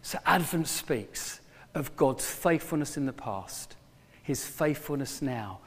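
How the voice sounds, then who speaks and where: A middle-aged man preaching a sermon to his former church, telling a story with lively bursts when he plays a character. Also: mid-range voice, takes it slowly, husky. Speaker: former pastor, guest preacher. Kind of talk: sermon with a joke. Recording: long hall reverb.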